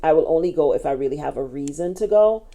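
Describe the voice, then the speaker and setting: A woman's voice: low-pitched, animated, fast, warm tone. A woman travel vlogger giving frank, opinionated, practical advice straight to camera.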